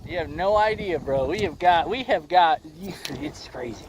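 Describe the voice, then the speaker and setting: A man's voice: fairly high pitch, expressive, measured pace, background noise. A man hosting a fishing livestream from a small boat, talking in a rambling, jokey way and calling his viewers "bro" and "boys". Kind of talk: casual livestream chat while fishing. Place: small boat on a windy lake.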